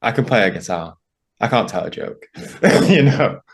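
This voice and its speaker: A man's voice: lowish voice, expressive, normal speed. A man who is a musician, a guest on a podcast, chatting casually with laid-back, dry asides. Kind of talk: casual chat.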